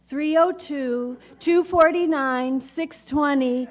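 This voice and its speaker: A woman performs a comic monologue with a wry, self-mocking delivery. Her voice sits high for a woman, and she tells her stories on stage. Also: takes it slowly.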